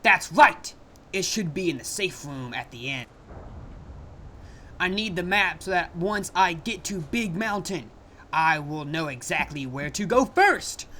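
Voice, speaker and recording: A man voicing an excitable male mad scientist villain in a video game, theatrical and barking orders at his henchman. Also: a little high, a little slow, slight background noise. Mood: gleeful. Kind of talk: video game character dialogue.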